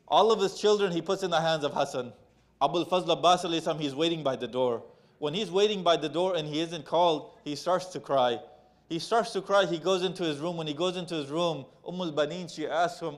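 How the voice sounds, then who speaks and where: A man's voice: high voice, brisk. A man giving a Muharram sermon. He speaks to the audience as brothers and sisters and retells a sacred story, acting out its quoted lines. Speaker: majlis speaker.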